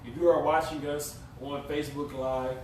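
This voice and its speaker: A man's voice: on the high side, little pitch movement, moderate pace, far from the mic, a little hiss or hum. A young man co-hosting a casual podcast chat, telling stories animatedly, laughing often and swearing freely. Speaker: podcast co-host. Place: room recorded for a live stream. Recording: echoey room, from off the mic.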